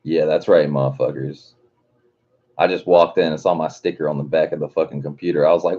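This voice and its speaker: Chuckling often and swearing constantly, a man hosts a rambling, casual livestream chat. His rumbling low voice is mellow with fairly even intonation, and he talks briskly; the stream audio is dull and lo-fi.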